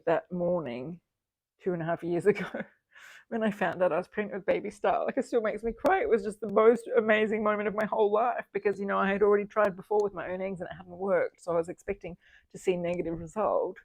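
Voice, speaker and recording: A fifty-year-old woman tells her own story straight to the camera. She is open and reflective, and laughs easily between thoughts. Her voice has a gravelly, creaky edge and sits at a middling pitch, recorded in a dry space with no room sound. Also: fairly even intonation, fast talker, darkish tone, no echo. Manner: candid, reflective, laughs often while recounting. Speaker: single mother sharing her fertility journey.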